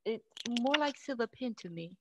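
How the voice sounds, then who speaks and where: Woman learner, soft hesitant speech, fairly high voice, noisy call audio. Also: expressive, moderate pace.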